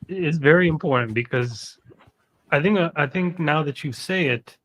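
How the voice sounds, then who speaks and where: A man's voice: a little high, moderate pace, fairly bright tone. A man hosting an interview show, asking questions in an inquisitive, hesitant way with fillers. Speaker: host.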